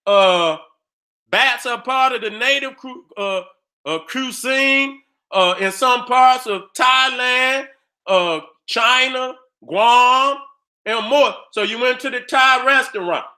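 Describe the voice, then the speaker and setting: A man's voice: extremely high pitch, slow, sharp tone. A man giving a casual, profane, ranting commentary as he reacts to pictures on a screen, repeating himself for emphasis. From Detroit area. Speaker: online commentator.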